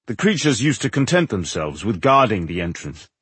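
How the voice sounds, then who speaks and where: A man voicing an ancient, kindly undead dwarf king who speaks calmly and reassuringly. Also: on the low side, moderate pace, breathy edge, dry recording, full character voice. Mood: grave. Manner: calm, reassuring.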